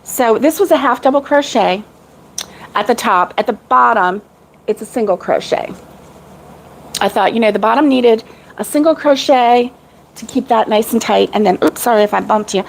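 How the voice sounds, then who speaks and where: A woman's voice: a little high, moderate pace, creaky, slight background noise, low-quality recording. A middle-aged woman chatting casually with live viewers about crochet, rambling and laughing often. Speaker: crochet vlogger.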